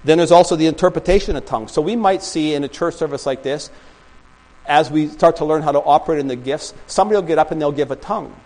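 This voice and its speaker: Man, pastor, sermon, rambling storyteller, frequent restarts, fairly high voice, small church. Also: quick pace, a little mellow, low-quality recording.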